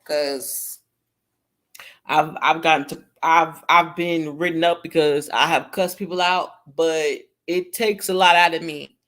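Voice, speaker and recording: A woman's voice: sits low, fairly even intonation, unhurried, fairly bright tone. A young adult woman chatting casually on her livestream, blunt and cussing freely as she talks to her viewers. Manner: blunt, cusses freely, speaks to viewers as y'all. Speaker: livestream host. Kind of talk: casual live-stream chat.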